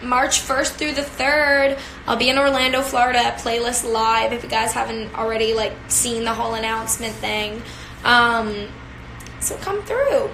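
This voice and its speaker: A woman's voice: fairly high pitch, normal speed, fairly bright tone, slight background noise. A young woman chatting casually with viewers on a phone live stream, talkative and giggly, with lots of fillers. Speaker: beauty influencer. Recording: echoey room, faint ambience.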